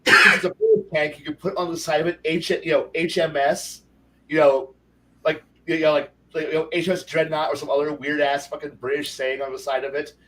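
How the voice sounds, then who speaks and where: A man co-hosting a casual stream chat, rambling excitedly and swearing a lot. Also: fairly high pitch, a little fast, far from the mic, low-quality recording. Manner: rambling, profane, animated. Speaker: podcast co-host.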